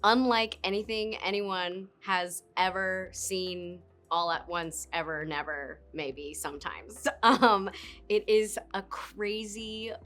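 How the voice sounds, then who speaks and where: A woman's voice: medium pitch, slow pace, a bit bright. Giggly, playful woman actress. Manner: bubbly and giggly, playful asides. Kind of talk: casual interview talk to camera. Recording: faint music behind.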